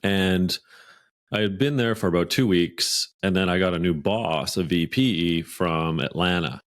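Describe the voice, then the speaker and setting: Canadian guy w a really low voice, podcast guest spinning a lively work story. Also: a little slow. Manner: animated anecdotal storyteller. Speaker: guest author.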